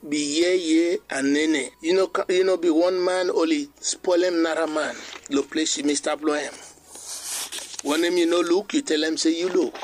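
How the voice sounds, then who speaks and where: Man preaching in creole-tinged English. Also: fairly high pitch. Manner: preaches in a creole-mixed English, quoting scripture slowly. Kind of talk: sermon.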